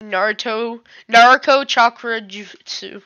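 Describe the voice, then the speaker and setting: A woman's voice: fairly high pitch, measured pace, pushed and bright, clear, resonant tone, highs cut off. A woman chatting casually with friends over voice chat while gaming, in a playful, slangy, sometimes hesitant way. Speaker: gamer.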